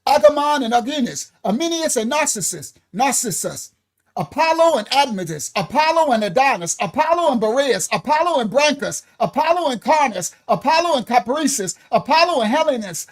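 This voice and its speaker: A ministry teacher giving a livestreamed lesson, reading from slides with excited asides to viewers and emotional, laughing outbursts. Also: sits high, normal speed. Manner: animated, reads aloud from slides with asides to viewers; emotional, breaks into laughter and apologizes. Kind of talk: livestreamed Bible-history lesson.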